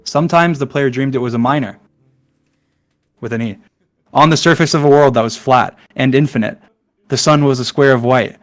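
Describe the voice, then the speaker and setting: A man's voice: medium pitch, moderate pace, long pauses. A man reading a long poem aloud in a hurry, tripping over words and breaking off with asides. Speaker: online content creator.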